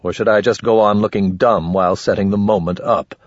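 A man narrating a story in the first person, with a measured, dry delivery, close to the mic. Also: on the low side, steady tone, dry recording, muffled recording. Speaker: audiobook narrator.

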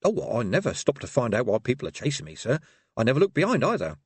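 A man's voice: mid-range voice, huge pitch swings, fast talker, slightly rough, no room sound. A man voicing a nervous, cowardly male wizard who hesitates and stammers.

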